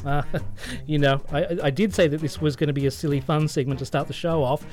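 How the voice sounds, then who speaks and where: A man hosting a radio show, chatty and quick to laugh. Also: on the high side, darkish tone, faint music behind. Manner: chatty, laughs easily, many fillers. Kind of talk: casual radio chat.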